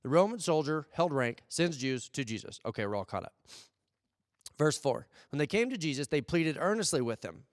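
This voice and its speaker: A man's voice: mid-range voice, animated, a little fast, clean studio sound. American guy preaching, chatty and playful, asks the crowd questions, long reverb tail from the hall. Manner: conversational preaching with rhetorical questions and playful acted asides. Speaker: pastor. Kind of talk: sermon. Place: church service.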